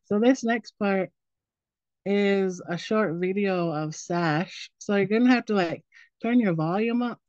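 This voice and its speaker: A woman's voice: medium pitch, a little slow, no room sound. A woman in her forties leads an online presentation in a loose, storytelling way, with plenty of "um" and "like." Her voice sits in a middle range. The audio is dry and slightly dull, as if from a video call. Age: 40s. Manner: relaxed storytelling with fillers like "um" and "like".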